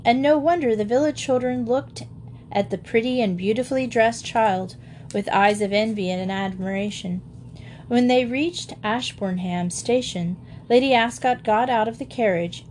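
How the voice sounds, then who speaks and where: A woman narrating an old-fashioned children's story in a gentle, even storytelling manner. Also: on the high side, a little hiss or hum. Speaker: audiobook narrator.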